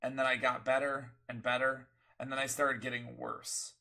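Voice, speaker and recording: A man who sounds sick and speaks with a gravelly, bright edge. He rambles wryly through a casual chat and keeps correcting himself mid-sentence. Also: medium pitch, flat delivery, moderate pace. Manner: rambling, self-correcting, wry. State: sick, coughing. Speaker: podcast co-host.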